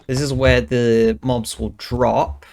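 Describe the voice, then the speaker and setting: Young male streamer, relaxed slow pace, mid-range voice, casual muttering commentary. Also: medium pitch, vocal fry. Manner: thinking aloud, muttering counts under his breath.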